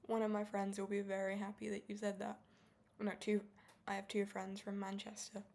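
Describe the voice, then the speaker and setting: A woman's voice: medium pitch, monotone, moderate pace, gravelly, darkish tone. A young woman from Britain, chatting casually as she bakes at home, rambling and trailing off. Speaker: streamer. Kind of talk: casual chat while baking. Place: home kitchen.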